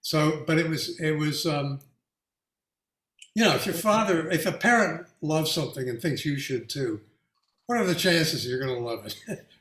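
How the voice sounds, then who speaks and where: A featured artist speaks with an audience in a reflective, casual way, often restarting his sentences and laughing through his anecdotes. His voice is a little high, expressive and a bit bright. The room is echoey.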